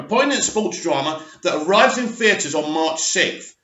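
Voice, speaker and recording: A man in his forties talks through an article with chatty asides, tripping over words and starting again. His voice sits a little high and swings up and down lively. It's heard in a roomy space on a dull, muffled recording. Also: measured pace, few pauses. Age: 40s. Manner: chatty asides, stumbles and restarts while reading. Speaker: movie news vlogger. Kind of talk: reading and commenting on an article.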